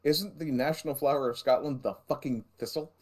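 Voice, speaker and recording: A man's voice: mid-range voice, a little fast, darkish tone. A man co-hosting a podcast, making sardonic quips in casual chat. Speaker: podcast co-host.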